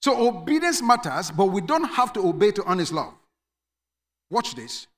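A man preaching a sermon as pastor, emphatic, dropping to quiet asides and rising to shouted commands. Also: sits high, very animated, normal speed.

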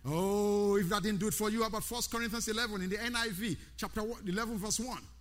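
A man's voice: high voice, fairly even intonation, fast, faint music behind. A man preaching a sermon, repeating key words with rising emphasis and calling out to his congregation. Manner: calls out to the congregation by name. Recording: long hall reverb.

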